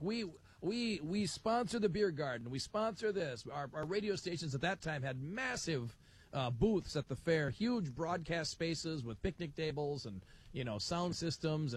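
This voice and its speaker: A middle-aged man hosting live radio, spinning an animated story with voices. His tone is husky and slightly high, and his pitch swings widely as he talks. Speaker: radio talk show host. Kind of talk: live radio talk at a fair.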